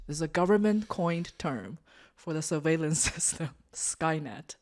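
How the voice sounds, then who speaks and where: A woman's voice: low voice, lively intonation, moderate pace, a little mellow. A woman hosting a podcast, explaining things at length in a chatty way with lots of filler words. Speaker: podcast host. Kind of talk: casual podcast chat.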